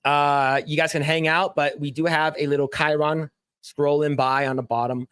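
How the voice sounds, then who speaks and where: A man with a somewhat high voice hosts a loose podcast chat. He laughs a lot and swears freely, and he acts out the scenes he describes. The sound is dry and close, with no room around it. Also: little pitch movement, normal speed, a bit bright, clean tone, no echo. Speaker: podcast host. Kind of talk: casual chat.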